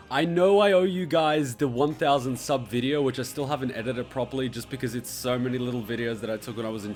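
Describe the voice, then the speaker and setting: A man from Serbia hosting his YouTube channel in a chatty, joking way. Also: medium pitch. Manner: chatty, joking, swears for fun. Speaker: YouTube host. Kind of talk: casual vlog talk.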